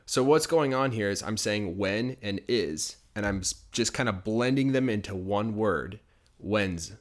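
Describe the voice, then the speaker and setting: A young American man teaching English phrases, explaining patiently and slowing down to show pronunciation. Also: fairly low pitch. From United States. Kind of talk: bilingual teaching video.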